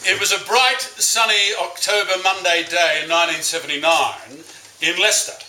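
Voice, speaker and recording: Aussie best man telling fond stories at a wedding, very bright voice, echoey room. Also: sits high, moderate pace, slight background noise. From Australia. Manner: fond, storytelling speech with wry jokes. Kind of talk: wedding speech.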